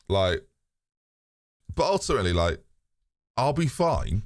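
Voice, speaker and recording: A man's voice: medium pitch, sing-song, normal speed, long pauses, no echo, clean studio sound. A British man hosting a live stream, chatting candidly to his viewers in a rambling way, swearing freely and laughing often. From Britain. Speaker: streamer and host. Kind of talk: casual live-stream chat.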